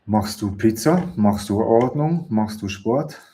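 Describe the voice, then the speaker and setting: Male teacher, unhurried and patient, low voice. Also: animated, dark tone, slight background noise. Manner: slow, patient explaining with example sentences. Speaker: German teacher. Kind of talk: language lesson.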